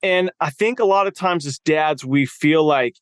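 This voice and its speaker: A man's voice: on the high side, normal speed, clear, resonant tone, no room sound, studio quality. A man hosting a podcast conversation, earnest and emphatic as he recaps what his guest said. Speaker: podcast host.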